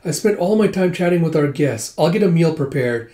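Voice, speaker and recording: A man's voice: a little high, expressive, brisk, dark tone, reverberant, lightly acted. A man doing a gracious young princess. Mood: gracious eager. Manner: polite, eager and lilting.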